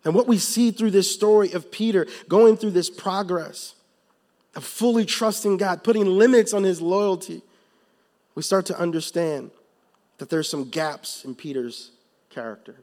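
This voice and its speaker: A man preaching a sermon, moving from calm teaching to loud, emphatic passages, with casual slang in his storytelling. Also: sits high, a little slow. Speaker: pastor.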